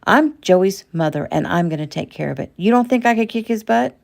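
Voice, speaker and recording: A woman's voice: medium pitch, animated, a little fast, creaky, darkish tone, voice pushed up. A woman doing a fiery, protective mother. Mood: indignant. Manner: demanding, indignant. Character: upset protective mother, middle-aged woman.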